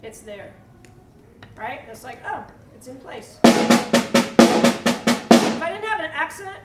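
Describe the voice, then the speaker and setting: A woman teaching a live percussion clinic to students, energetic and coaxing, often asking the room questions. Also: high-pitched, measured pace, over loud music. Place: school band room with students. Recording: echoey room from far off, with drumming.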